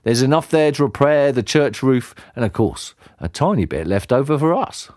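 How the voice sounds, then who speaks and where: A man's voice: mid-range voice, animated, normal speed, darkish tone, no echo, studio quality, voice pushed up, close to an everyday voice. A man doing a cheeky matey dad. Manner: matey, affectionate, calls everyone mate. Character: scruffy cheeky working-class dad, fond and scheming.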